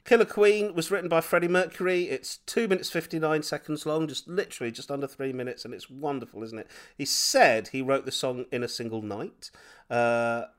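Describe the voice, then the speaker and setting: Male podcast co-host, mid-pitched, effusive and giggly, casual chat. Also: fairly even intonation, brisk. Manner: enthusiastic, laughs often, gushing superlatives.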